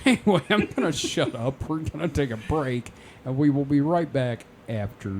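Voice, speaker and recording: A man's voice: mid-range voice, lively intonation, moderate pace, a little hiss or hum. A man co-hosting a podcast in casual chat, joking and swearing freely. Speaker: podcast co-host.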